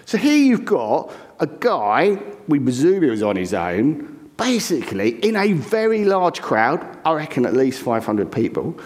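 A man preaching a conversational sermon, telling the story with lively animation and acting out the crowd's reactions. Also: fairly high pitch, a little slow. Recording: long hall reverb.

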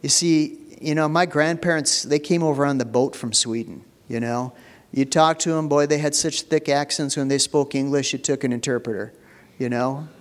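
A man's voice: on the high side, fairly even intonation, moderate pace. Folksy preacher man in a reverberant hall. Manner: folksy storytelling, repeats phrases for emphasis. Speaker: pastor. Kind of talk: sermon.

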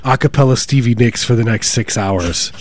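A man co-hosting a podcast, riffing on absurd deadpan jokes in a casual comedic chat. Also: mid-range voice, moderate pace. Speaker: podcast co-host.

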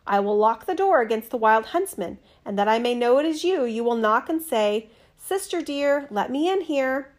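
A woman voicing a frightened little girl from a fairy tale, begging in a high, urgent voice. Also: expressive, moderate pace, hardly any pauses, lightly acted. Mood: firm.

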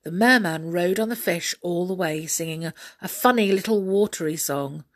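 A woman reading a children's story aloud, expressive and deliberate. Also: on the low side.

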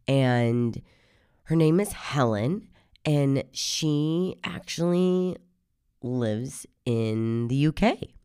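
A woman hosting a podcast, talking casually in a rambling, chatty way while hoarse from a cold. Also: extremely low pitch, warm tone, no room sound, clean studio sound. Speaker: podcast host. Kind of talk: casual podcast intro monologue.

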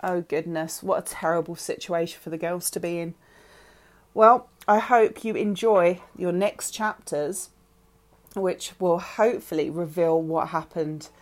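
A woman, a teacher reading chapters of a novel aloud to her class with expressive storytelling. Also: lowish voice, a little slow.

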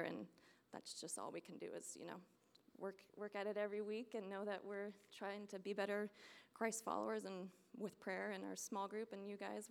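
A woman's voice: medium pitch, vocal fry. A young American woman giving an earnest, rambling personal testimony in church, full of fillers. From United States. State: getting emotional. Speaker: church member sharing testimony.

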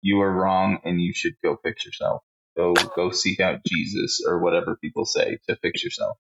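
A man's voice: deep voice, fairly even intonation, normal speed, highs cut off, noisy background. A man co-hosting a casual podcast, blunt and profane, reading out a ranked list with running commentary. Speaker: podcast co-host.

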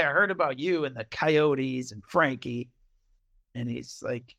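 Man, casual podcast chat, animated retelling, gravelly voice, high pitch. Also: measured pace. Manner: animated retelling, acting out quotes, laughing often. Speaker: podcast co-host recapping a TV episode.

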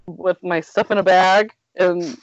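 A woman's voice: fairly low pitch, steady tone, measured pace, dry recording. A woman in her thirties telling a story in casual chat, talkative and laughing through her words with lots of "like". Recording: dull lo-fi dry recording.

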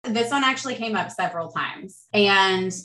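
A woman's voice: medium pitch, expressive, normal speed. A woman in her thirties hosting a podcast, chatting casually and encouragingly with her daughter. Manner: warm, encouraging, chatty with frequent laughs. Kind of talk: casual conversational interview. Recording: echoey room.

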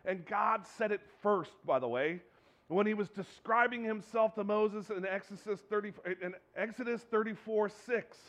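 A man preaching a sermon in an earnest, animated way, often restarting his sentences. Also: high voice. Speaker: pastor.

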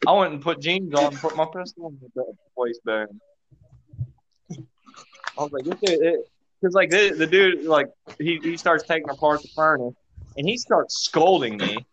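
A man in casual podcast chat, telling a story in a profane, animated way. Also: on the high side, moderate pace, a little hiss or hum. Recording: dull lo-fi recording.

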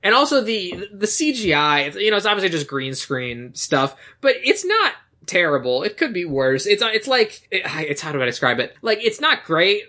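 A podcast co-host in casual chat, retelling a film's plot in a rambling, lively way. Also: medium pitch. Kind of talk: casual movie recap chat.

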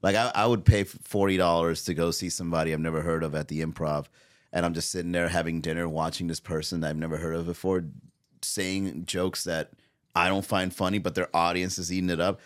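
Male comedian guest, low-ish voice, loose rambling casual talk. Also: little pitch movement, fairly quick. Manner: rambling with many fillers and restarts. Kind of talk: casual podcast chat.

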